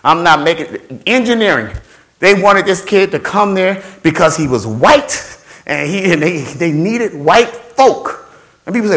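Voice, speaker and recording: A man giving an animated motivational talk to students about finding scholarships, playful and repetitive, acting out voices and sounds. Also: high voice, normal speed. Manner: playful, repeats phrases, acts out voices and sounds. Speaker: scholarship workshop speaker.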